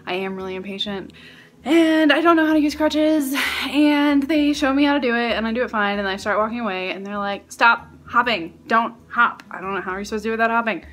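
A woman's voice: fairly high pitch, quick pace. A young woman vlogging from her apartment, talking casually and rambling with self-mocking humor. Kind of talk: casual vlog chat.

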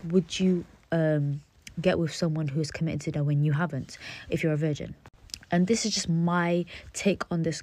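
A woman with a low, breathy, mellow voice talks to her phone late at night, earnest and rambling, slipping in and out of a whisper. The sound is close and dry. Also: no echo. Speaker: social media creator. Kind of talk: late-night talk to camera.

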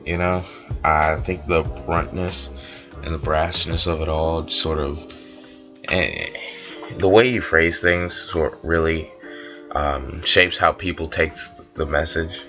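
A man's voice: very deep voice, steady tone, slow pace, bright, forceful tone, faint music behind. A man explaining online drama in casual commentary, rambling a little with fillers. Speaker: commentary YouTuber.

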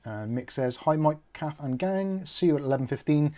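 A man's voice: a little high, expressive, moderate pace, dark tone. Chatty man hosting a tech stream. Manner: rambling, jokey, self-correcting. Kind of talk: live-stream chat.

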